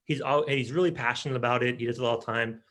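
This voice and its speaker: A man guest explaining his work on a talk show in a measured, explanatory way. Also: mid-range voice, a bit bright. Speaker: guest, video editor. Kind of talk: casual chat.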